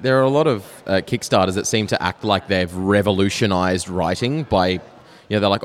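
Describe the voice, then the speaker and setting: A man's voice: lowish voice, a little fast. An Australian man co-hosting a live podcast panel, sarcastic and prone to stammering restarts. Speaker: podcast co-host. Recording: live show at a pen expo, audience.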